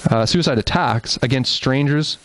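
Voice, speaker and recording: Man, church lecture, earnest explaining, frequent asides, average pitch. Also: normal speed, fairly bright tone, low-quality recording. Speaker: presenter. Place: church hall.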